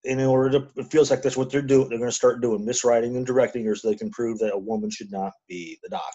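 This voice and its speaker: A man co-hosting a casual fan podcast, talking in a measured way and often repeating himself. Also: medium pitch, fairly even intonation, warm tone. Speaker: podcast co-host. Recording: dull lo-fi podcast audio.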